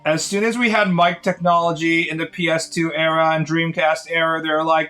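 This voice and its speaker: A man's voice: fairly high pitch, level tone, moderate pace, hardly any pauses, pushed and bright, faint music behind. A man chatting casually on a live stream in a sardonic, rambling way.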